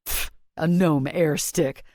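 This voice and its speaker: A woman's voice: sits low, steady tone, slow pace, vocal fry, warm tone, no room sound, exaggerated voice. A smug, taunting female warrior from an audiobook, as the woman reading it puts her on. She talks down to her opponent with scorn, in a dry, close recording. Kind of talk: audiobook character voice.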